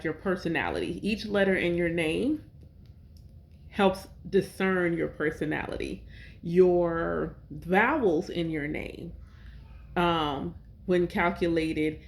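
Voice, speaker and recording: A woman hosting a podcast, talking casually about names and numerology, pausing often to correct herself. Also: fairly low pitch. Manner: conversational, with self-corrections and fillers. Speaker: podcast host and priestess. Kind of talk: casual spiritual talk.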